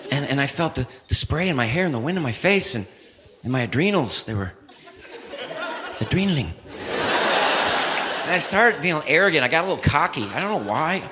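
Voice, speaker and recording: A middle-aged man doing a stand-up comedy routine, telling a story excitedly and putting on voices for his friends. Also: on the high side, brisk, long pauses. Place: live comedy venue with audience. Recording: live audience laughter and crowd noise.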